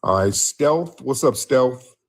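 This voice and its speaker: A man's voice: mid-range voice, animated, slow. A man hosting a live call-in show with an American South background, bringing callers on and teasing them with blunt disbelief. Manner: teasing, incredulous, talks over callers. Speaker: host. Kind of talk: casual live call-in chat.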